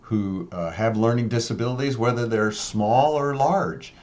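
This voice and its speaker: A man's voice: mid-range voice, a little slow, darkish tone, dull audio. A man co-hosting a casual talk show, upbeat and jokey, with many fillers. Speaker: co-host. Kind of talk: casual chat.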